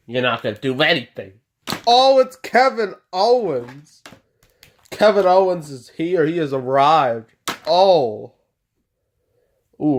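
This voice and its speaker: Host calling a wrestling video game at a very slow, drawn-out pace, excitable, talking to the wrestlers on screen. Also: medium pitch. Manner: excitable, full of gasps and "oh" exclamations. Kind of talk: play-by-play game commentary.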